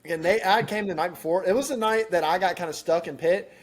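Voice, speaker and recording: A young male guest chats on a podcast in a laid-back, slangy way. His voice is a touch high, and he tells his story loosely. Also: quick pace. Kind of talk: casual podcast chat.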